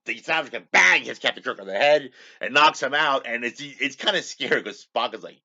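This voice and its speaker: A man's voice: medium pitch, animated, fairly quick, hardly any pauses, bright, forceful tone, muffled recording. A man hosting his own show, retelling a TV episode in a rambling casual way and repeating "he goes" a lot. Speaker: show host.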